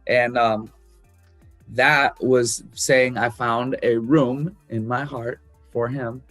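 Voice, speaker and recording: A man's voice: mid-range voice, steady tone, slow, fairly bright tone, no echo, faint music behind. A man talking about writing his album, loose and candid, swearing freely and full of fillers. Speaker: musician discussing his album. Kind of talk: casual talk about songwriting.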